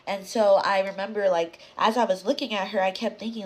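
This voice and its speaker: A woman telling a spooky story time in a casual, dramatic way, swearing, talking straight to her viewers and dropping into hushed whispers for suspense. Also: mid-range voice, fairly quick, a little hiss or hum. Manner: dramatic, animated, swears and addresses viewers directly.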